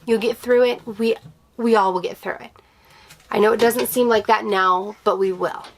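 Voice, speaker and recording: This woman, a vlogger and stay-at-home mom, gives an emotional, candid update, using many fillers and restarts and reassuring those watching. Her mid-range voice is creaky with fairly even intonation, at normal speed.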